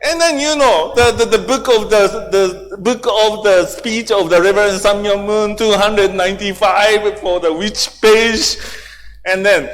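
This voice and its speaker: A man with a Japanese accent, a native Japanese speaker, giving a humorous training lecture in halting English and laughing often while he tells stories. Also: sits high, fairly bright tone, long reverb tail. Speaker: workshop lecturer. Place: large training hall.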